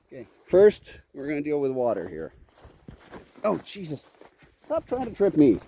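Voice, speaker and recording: Guy vlogging outside w his goats, mellow voice, bounces around a lot, a bit of wind noise. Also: a little high, wildly swooping pitch, normal speed, breathy edge. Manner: talks to his goats, coaxing and scolding. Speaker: homestead vlogger. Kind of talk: casual vlog narration. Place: outdoors on a farm.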